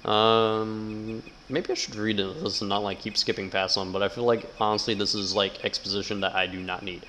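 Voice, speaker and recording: A man's voice: fairly low pitch, flat delivery, normal speed, sharp tone, a little hiss or hum, poor audio. A man giving casual, sarcastic gameplay commentary, swearing a lot and reading game text aloud. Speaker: gamer.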